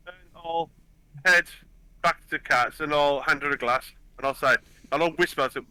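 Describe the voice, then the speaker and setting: A man's voice: mid-range voice, normal speed, sharp tone, no room sound, poor audio. A man playing a tabletop game, hesitantly checking details. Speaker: player.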